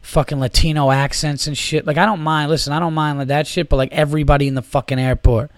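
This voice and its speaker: Profane ranting comedian host, dry sound. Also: male voice, a little high, flat delivery, fast talker, few pauses, no room sound. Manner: rambling, heavy swearing, fillers. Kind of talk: profane solo podcast rant.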